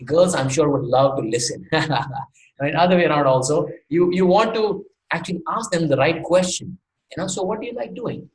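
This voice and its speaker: A man from India leads an online sales workshop with a lively, questioning delivery, laughing now and then. His voice sits a little high for a man. It comes through an echoey room with faint noise on an online call mic. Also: normal speed. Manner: lively, asks many rhetorical questions, laughs often. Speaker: sales trainer.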